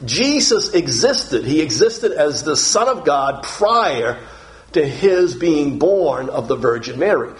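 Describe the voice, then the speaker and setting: A man delivers a sermon in an earnest voice pitched a little above the usual for men. He often restarts and repeats his words, and he slows right down to stress key phrases. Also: big pitch swings. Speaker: preacher.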